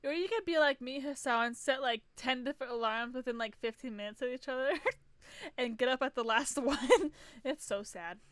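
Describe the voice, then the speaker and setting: Giggly high-voiced young woman streamer. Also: normal speed, a bit bright, no room sound. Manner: giggly, gushing and chatty. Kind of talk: casual game playthrough commentary.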